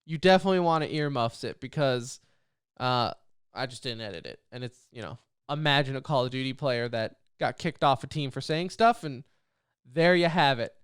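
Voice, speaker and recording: A man co-hosting a casual esports podcast, talking in an animated, rambling way and laughing often. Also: mid-range voice, normal speed, clear, resonant tone, no echo, studio quality. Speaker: podcast co-host.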